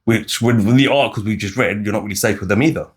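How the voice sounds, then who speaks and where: British man, animated podcast debate, low-pitched voice, restarts and acted-out quotes. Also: quick pace. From United Kingdom. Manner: animated, acts out other people's lines, frequent restarts. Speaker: podcast co-host. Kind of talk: casual debate chat.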